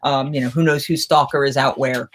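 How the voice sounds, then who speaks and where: A middle-aged woman with a very deep voice hosts a casual live chat, speaking briskly with fairly even intonation. She tells stories in a rambling, chatty way, restarting often. She is a live chat host and festival performer.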